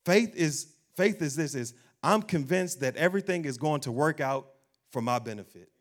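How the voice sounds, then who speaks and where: A man preaching an animated sermon as pastor, acting out doubting voices and laughing along the way. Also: on the high side, moderate pace.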